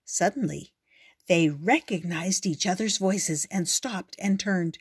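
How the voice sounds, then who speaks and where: An older woman reads a children's storybook aloud, gentle and expressive. Her delivery is very slow and unhurried, each sentence laid out carefully for young listeners. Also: fairly low pitch, slightly rough. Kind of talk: reading a picture book aloud.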